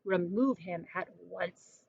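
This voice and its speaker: A woman's voice: lowish voice, slow pace, gravelly, phone-quality sound, exaggerated voice. A woman reading a storybook, voicing a stern, furious older male store manager. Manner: clipped, indignant.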